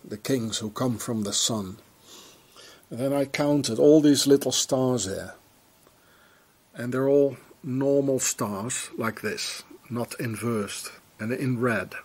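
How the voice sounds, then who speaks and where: A man's voice: medium pitch, slow pace, a little mellow, husky, dry recording. A man vlogging on a walk around town, rambling in a conspiratorial way as he points things out to a handheld camera. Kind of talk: walking commentary to camera.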